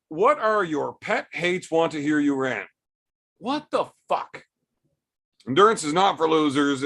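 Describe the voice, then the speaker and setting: A young man on a livestream, talking loose and profane as he reads out chat messages. His voice sits a little higher than most men's, and his delivery is blunt and joking, with plenty of cursing. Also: vocal fry, bright, forceful tone. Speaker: streamer reading live chat.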